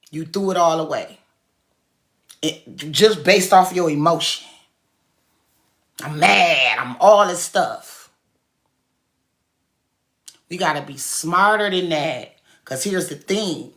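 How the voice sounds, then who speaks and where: Woman, motivational talk, slow and deliberate, bright forceful tone, emphatic, slangy. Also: on the low side. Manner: preachy, emphatic, repeats points for effect; casual slang-heavy delivery. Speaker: cookie business owner and speaker.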